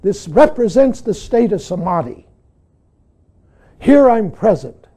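An older man gives a dharma talk as a Zen teacher. His voice sits high yet sounds mellow and warm. He speaks earnestly and keeps coming back to the word "see". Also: very animated, takes it slowly. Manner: earnest, frequently says "see".

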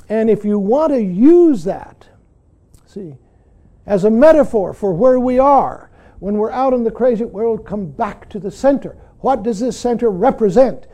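A man's voice: high voice, animated, measured pace, dark tone. An older man, a Zen teacher, giving an earnest dharma talk that keeps returning to "see". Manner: earnest, frequently says "see".

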